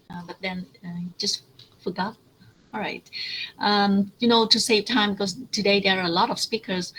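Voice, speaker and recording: A woman's voice: medium pitch, a bit bright, slight background noise, rough recording. Hesitant woman teacher giving feedback. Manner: hesitant, frequent fillers, corrects pronunciation. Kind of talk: giving feedback in an online class.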